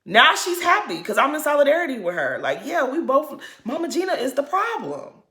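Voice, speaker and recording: A woman's voice: high voice, big pitch swings, a little fast, sharp tone, roomy sound. A woman giving a casual, opinionated recap of a reality show, bluntly acting out what the cast said.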